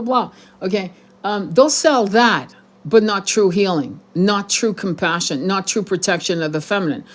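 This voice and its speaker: A tarot channel host speaks to her viewers in a mid-range voice at a moderate pace. Her monologue is blunt, heated, profane, and rambling, full of restarts.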